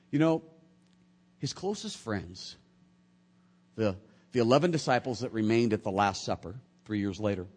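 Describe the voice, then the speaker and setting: A man preaching a sermon, swinging between quiet, low passages and loud, high bursts.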